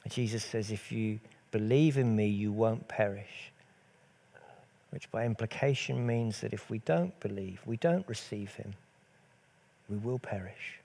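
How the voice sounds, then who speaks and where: Mellow-voiced male preacher. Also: lowish voice, a little slow, creaky. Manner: earnest, rhetorical questions, swells and drops in volume. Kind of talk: sermon.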